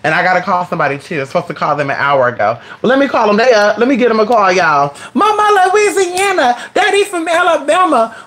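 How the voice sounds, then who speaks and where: Animated home streamer, mid pitch, voice jumps all over, calls everyone honey. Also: racing, few pauses. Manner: talks to their dog between remarks. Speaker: live-stream host. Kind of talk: casual chat with viewers.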